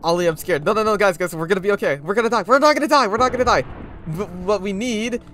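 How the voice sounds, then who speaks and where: A man in a Minecraft roleplay, excitable and laughing, trying to calm his friends. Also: high-pitched, fast, slight background noise. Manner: excitable, laughing, repeating words to calm others. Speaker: roleplay host. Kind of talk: Minecraft roleplay, in character as leader.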